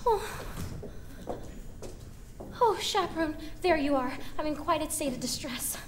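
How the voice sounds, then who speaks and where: A woman's voice: sits high, expressive, unhurried, background noise. A woman playing a dramatic, flustered young starlet bride in a stage musical, flighty and theatrical.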